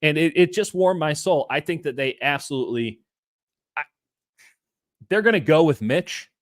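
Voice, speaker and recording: A man co-hosting a casual sports podcast over a video call, talking in an animated way with playful asides. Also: a little high, moderate pace, no echo, clean studio sound. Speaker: co-host.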